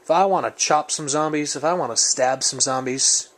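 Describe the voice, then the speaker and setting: A man's voice: on the high side, normal speed, fairly bright tone. Rambling, joking guy reviewing gear. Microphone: camera mic, speaker off-frame.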